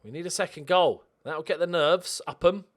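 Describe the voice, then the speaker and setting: A man hosting a football management game playthrough, commentating in an excitable, sarcastic, self-mocking way. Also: on the high side, moderate pace. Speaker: let's play host. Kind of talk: gaming commentary.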